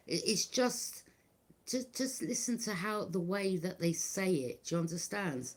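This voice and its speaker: A woman's voice: fairly low pitch, expressive, a little slow. A middle-aged woman, talking bluntly and repetitively to her viewers as a tarot reader. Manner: blunt, repetitive, keeps asking "do you understand". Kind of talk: casual monologue to viewers.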